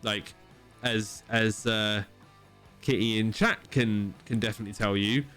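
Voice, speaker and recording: A man's voice: lowish voice, steady tone, a bit bright, clear, resonant tone. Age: adult. Sex: man. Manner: blunt and sweary. Behind: faint music. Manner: blunt and sweary, with halting restarts. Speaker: podcast co-host. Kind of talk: casual chat.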